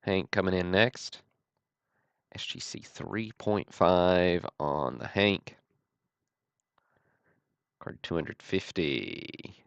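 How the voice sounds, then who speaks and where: Low gravelly guy hosting a card stream, muffled lo-fi audio, steady and matter-of-fact. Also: drawn-out words, long pauses, dry recording. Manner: steady, matter-of-fact listing with dry self-deprecating asides. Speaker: host of a card-break livestream. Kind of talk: calling out trading cards on a livestream.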